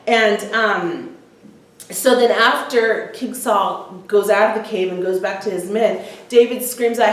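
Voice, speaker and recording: A woman's voice: mid-range voice, measured pace. A woman teaching a women's Bible study, retelling scripture in casual everyday words with frequent ums. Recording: echoey room, voice from far off the mic.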